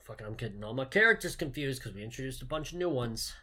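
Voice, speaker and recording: A man's voice: mid-range voice, animated, fast talker, pushed and bright. A man co-hosting a podcast, recapping a movie in casual, profane, joking chat. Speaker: podcast co-host.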